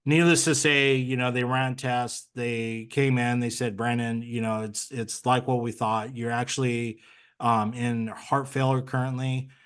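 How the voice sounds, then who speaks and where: A man's voice: medium pitch, flat delivery, measured pace, a bit bright, clear, resonant tone. A man speaking as an interview guest, telling his story in an earnest, conversational way with plenty of fillers. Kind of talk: candid personal story.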